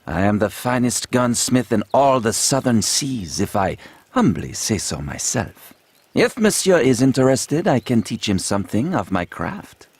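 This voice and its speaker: An actor playing a proud, flattering gunsmith with a French accent, in a video game. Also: male voice, mid-range voice, unhurried, slightly rough, dry recording, exaggerated voice. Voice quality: fawning, theatrical salesman manner.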